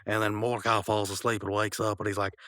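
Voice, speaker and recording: A man's voice: fairly low pitch, fast talker, no room sound. Rambling man recapping a cartoon. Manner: rambling, animated, acts out quotes. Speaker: podcast co-host. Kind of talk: casual episode recap.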